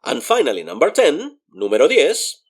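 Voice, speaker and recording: A man's voice: on the high side, huge pitch swings. A man teaching a beginner Spanish lesson, patiently spelling words letter by letter and explaining pronunciation. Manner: spells words slowly letter by letter and repeats them.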